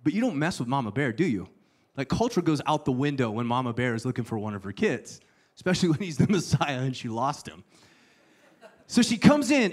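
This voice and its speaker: A man preaching a sermon, telling the story with playful asides and sudden hushed lines. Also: mid-range voice. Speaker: pastor.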